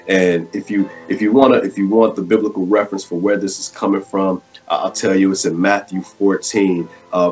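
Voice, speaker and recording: Low-voiced man hosting and preaching. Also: muffled recording. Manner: preacherly, repetitive rhetorical questions, rising intensity; casual, many fillers and restarts. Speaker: host. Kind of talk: live show host preaching a short sermon.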